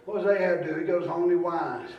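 A man preaching a sermon, moving between quiet storytelling and shouted exhortation. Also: a little high, fairly even intonation, fast talker, recorded from a distance, muffled recording, slight background noise. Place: church. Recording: echoey church hall.

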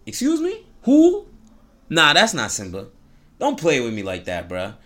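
A man voicing an excitable old male mandrill sage who talks in loud, slangy disbelief. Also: on the high side, unhurried, exaggerated voice. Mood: disbelieving. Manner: slangy, incredulous, shouting with joy.

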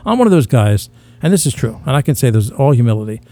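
Male podcast co-host, dark mellow tone, boastful and rambling, crude self-mocking humor. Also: mid-range voice, very animated, quick pace. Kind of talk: casual crude comedic banter.

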